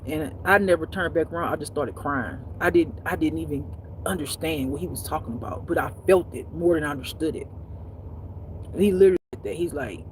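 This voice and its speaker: A woman telling a personal story as a spiritual life teacher, in a blunt, profane, animated way that swings between loud and hushed. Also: sits low, fairly quick, slight background noise. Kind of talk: casual storytelling monologue.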